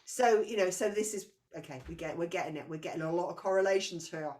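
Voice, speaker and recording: A woman's voice: lowish voice, quick pace, darkish tone. A woman giving a past-life reading to a client, talking intensely and circling back as she searches for words. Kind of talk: spiritual reading session.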